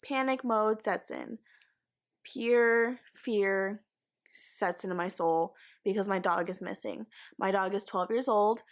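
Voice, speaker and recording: A woman's voice: mid-range voice, takes it slowly. A young woman telling a frightening story from her life on her vlog, casual and emotional, swearing often. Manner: swearing, emotional retelling with fillers. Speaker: vlogger.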